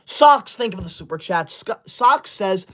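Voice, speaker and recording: A performer doing a touchy school-obsessed young streamer, indignant scolding, shouty bursts, mid-pitched voice. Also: animated, moderate pace, lightly acted. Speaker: livestreamer. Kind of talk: comedy sketch livestream.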